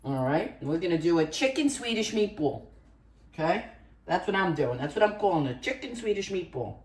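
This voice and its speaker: A chatty woman hosts a home cooking video, musing aloud and wandering into side stories while she works. Her voice sits a little low and comes from some way off the mic, ringing in a roomy, echoey kitchen. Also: very animated, normal speed, a little mellow, distant mic. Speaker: cooking channel host. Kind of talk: casual cooking vlog chat.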